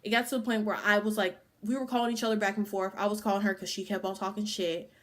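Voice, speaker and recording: A woman's voice: mid-range voice, flat delivery, fast talker, a bit bright. A woman in her twenties telling a casual storytime, swearing freely and saying "like" constantly. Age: 20s. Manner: casual, profane, full of "like" fillers. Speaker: vlogger.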